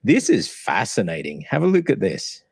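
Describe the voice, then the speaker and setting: An Australian man coaching pronunciation, slowly sounding out words and breaking down how each sound is made. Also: medium pitch, huge pitch swings, gravelly, breathy edge, dry recording, studio quality. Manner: slow, deliberate, sounds out words to demonstrate. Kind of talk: pronunciation analysis.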